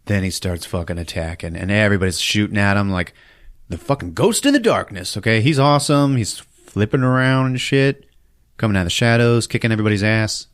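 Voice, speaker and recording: A man in a casual podcast recap with a low voice, swearing freely and laughing often. He keeps acting out little scenes. The sound is dry and close. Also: lively intonation, a little fast, dry recording. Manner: profane, laughing, acts out scenes. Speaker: podcast host.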